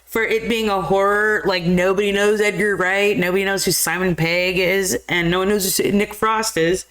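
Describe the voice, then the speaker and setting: A woman's voice: mid-range voice, fairly even intonation, a bit bright. A woman, co-hosting a movie review live stream, chatting eagerly and sharing film trivia. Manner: chatty and enthusiastic, quick trivia asides. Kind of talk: casual chat.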